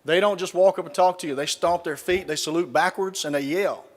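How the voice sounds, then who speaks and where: A man's voice: a little high, fairly quick. Folksy Southern man in a reverberant hall. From Southern United States. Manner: folksy storytelling with dry punchlines. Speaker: keynote speaker. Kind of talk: speech with humorous anecdotes. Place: large conference hall, live audience.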